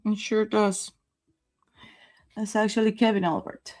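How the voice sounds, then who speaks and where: A woman livestreams commentary in a mid-range, darkish voice that's a little slow and barely shifts in pitch. Emotional and rambling, she speaks straight to her viewers, pausing often to narrate video footage step by step.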